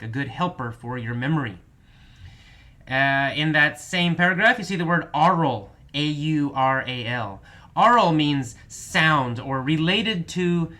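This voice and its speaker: Bright-voiced man explaining words patiently. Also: mid-range voice. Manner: patient, repeats definitions slowly with many restatements. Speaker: English teacher. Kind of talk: vocabulary lesson explaining words.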